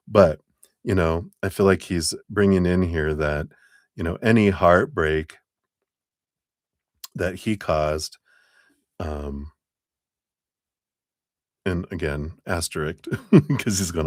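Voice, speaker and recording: Low-voiced man reading tarot live, meandering and chuckly, recorded dry. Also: slow pace, pauses often, no room sound. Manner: rambling, self-interrupting, chuckling. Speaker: tarot reader.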